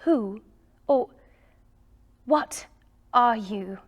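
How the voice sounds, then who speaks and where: A woman's voice: high-pitched, very animated, slow, voice pushed up, exaggerated voice. A woman voicing a grumpy, miserly old man who grumbles and barks at everyone in a storybook read-aloud. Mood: frightened. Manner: loud, grumbling, barking outbursts.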